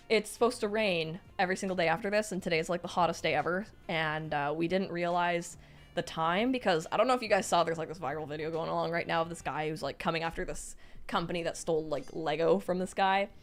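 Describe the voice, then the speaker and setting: A young woman streaming live, reading out chat messages and reacting in a bubbly, excitable way. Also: on the low side, a little fast, soft background music.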